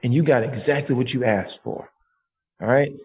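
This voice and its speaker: A man voicing God as a calm, knowing male spirit who chides and swears, speaking slowly and higher than his own voice. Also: breathy edge. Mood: stern. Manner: slow, teasing, profane.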